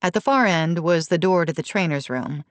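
A woman reading a novel aloud in steady, even scripted narration at a close mic. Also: lowish voice, normal speed, dry recording. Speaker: audiobook narrator.

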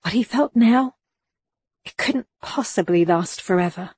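A woman narrating a novel in an even, measured storytelling voice. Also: mid-range voice, slightly rough, no room sound. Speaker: audiobook narrator. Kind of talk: scripted audiobook narration.

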